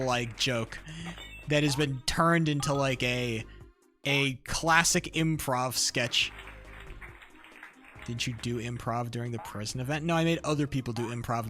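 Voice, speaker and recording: Bright-voiced young male streamer rambling. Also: mid-range voice. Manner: rambling, swears often, restarts sentences. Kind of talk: casual live-stream chat.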